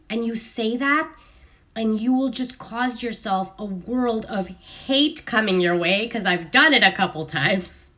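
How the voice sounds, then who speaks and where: Animated sarcastic woman hosting a live stream. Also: fairly high pitch, a little slow. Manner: animated, sarcastic, mimics other people's voices. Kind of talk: casual live-stream commentary. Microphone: phone camera.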